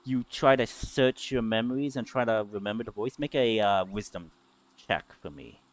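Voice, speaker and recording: A man's voice: lowish voice, moderate pace. A man narrating as game master, describing scenes while searching for words.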